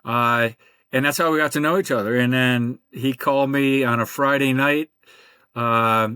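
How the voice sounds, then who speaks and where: An older man, a podcast guest, telling his career story in a relaxed, rambling way with many fillers, over a remote call. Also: medium pitch, moderate pace, smooth, dry recording. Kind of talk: conversational interview.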